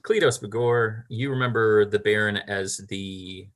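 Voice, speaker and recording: A man's voice: lowish voice, unhurried, over music. A man narrating a tabletop game as game master, rambling with lots of fillers and small laughs.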